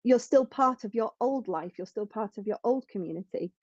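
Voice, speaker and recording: A woman's voice: fairly high pitch, lively intonation, normal speed, a little mellow, no room sound, muffled recording. A woman speaking as a podcast guest in an earnest, reflective way, often restarting her sentences. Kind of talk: conversational interview.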